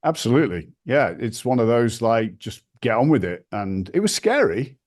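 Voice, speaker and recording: A man from the north of England with a northern English accent, a podcast guest telling lively anecdotes and swearing casually. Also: medium pitch, moderate pace. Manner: animated anecdotes, acts out quoted voices, swears casually. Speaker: podcast guest, brand founder. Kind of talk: storytelling interview.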